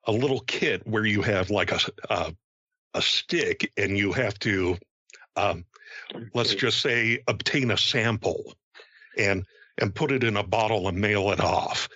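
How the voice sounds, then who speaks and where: A man in his fifties chatting on a podcast, speaking haltingly with many restarts. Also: lowish voice, pushed and bright, dry recording. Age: 50s. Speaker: podcast co-host. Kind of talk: casual podcast chat. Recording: dry, dull lo-fi sound.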